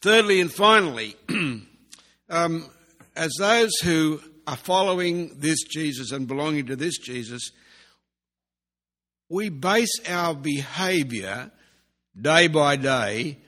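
A man's voice: a little high, animated, takes it slowly, pushed and bright. Man, preacher, earnest sermon, repeats key phrases, long hall reverb. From Australia.

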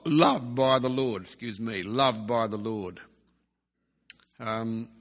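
A man preaching a sermon in an earnest way, slowly repeating key phrases for emphasis. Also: medium pitch, fairly bright tone. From Australia. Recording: long hall reverb.

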